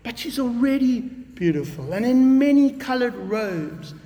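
Animated high-voiced man preaching a sermon. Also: measured pace, dull audio. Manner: emphatic, animated, with conversational asides. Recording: long reverb of a large hall.

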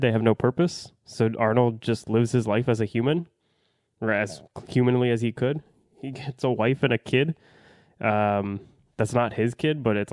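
Blunt, foul-mouthed man with a smooth low voice. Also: a little mellow, dry recording, studio quality. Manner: blunt, profane, rambling with fillers. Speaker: movie reviewer. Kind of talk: casual spoken review.

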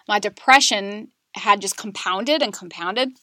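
A woman in her thirties, a podcast guest, telling a painful personal story candidly, with many fillers and pauses. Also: medium pitch, sharp tone, no room sound, clean studio sound. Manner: candid, emotional, frequent fillers. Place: Charlotte area.

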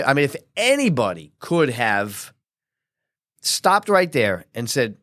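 A male pastor preaching in a relaxed, conversational way, often tossing tag questions to his listeners. His voice sits at an ordinary middle pitch. The sound is close and dry, with no room echo. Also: measured pace. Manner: animated acted-out quotes. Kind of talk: conversational sermon teaching.

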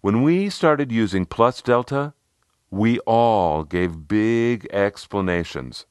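A man voicing a relaxed, easygoing male teammate who explains things plainly. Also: lowish voice, slow pace, clean tone, dry recording, studio quality, voice pushed up. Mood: explaining. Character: tall, easygoing man on a team.

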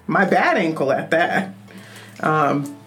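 A woman's voice: low-pitched, lively intonation, slow, over music. A woman hosting a podcast, telling a story in casual chat and laughing often. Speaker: podcast host.

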